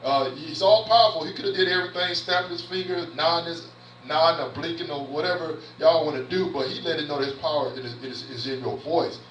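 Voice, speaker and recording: Bright-voiced man preaching in an echoey church. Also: on the high side, fairly quick, far from the mic, slight background noise. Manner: earnest preaching with repetitions and restarts, reads scripture aloud. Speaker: minister in training. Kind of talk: sermon. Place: church sanctuary.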